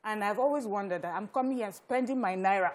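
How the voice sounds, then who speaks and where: A woman arguing her view on a studio panel at a middle pitch. She talks animatedly, often restarting and correcting herself mid-sentence. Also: fast.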